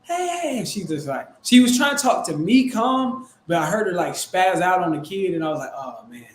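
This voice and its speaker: A man casually recounting a business deal and acting out the quotes in an animated way. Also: fairly quick. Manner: animated, acts out quotes in a high excited voice. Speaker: real estate wholesaler. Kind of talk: casual storytelling chat. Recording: echoey room with faint noise.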